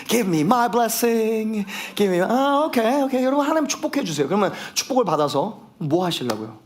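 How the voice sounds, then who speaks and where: A man preaching a sermon as pastor, switching between English and Korean and growing fired up, rising to shouts for emphasis. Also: high-pitched. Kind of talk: bilingual sermon.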